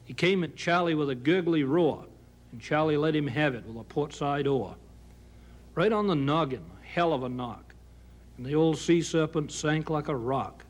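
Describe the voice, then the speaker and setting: Maine storyteller, man, slightly high voice, folksy drawl, reciting comic verse. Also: moderate pace. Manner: folksy down-east drawl, acts out characters. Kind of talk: reciting a humorous narrative poem. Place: home kitchen.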